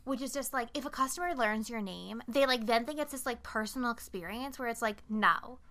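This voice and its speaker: A woman co-hosting a podcast in loose, casual chat. Her voice is bright and crisp and sits a little high, and she talks bluntly and emphatically, swearing freely. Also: fairly quick. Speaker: podcast co-host.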